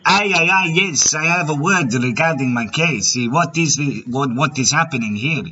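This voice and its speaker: Man doing a fake Mexican accent, stammering, tripping over words; bright tone, dull audio. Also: a little high, moderate pace, a little hiss or hum. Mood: bumbling. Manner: stammering, hesitant, repeats words.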